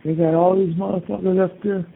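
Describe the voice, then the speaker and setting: A man's voice: high-pitched, little pitch movement, a little fast, vocal fry, slight background noise. An older man talking in a casual, meandering way, rambling through memories and leaning on "you know" and curse words. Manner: meandering, peppers talk with "you know" and cursing. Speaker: interviewee. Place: prison, over a phone call. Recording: tinny phone line.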